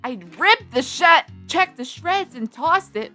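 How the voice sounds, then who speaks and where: A woman playing through a visual novel, reading its text aloud and loudly scolding the characters in exasperation. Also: high-pitched, a little slow, hardly any pauses, soft background music. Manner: animated, yelling in exasperation at characters. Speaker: game streamer.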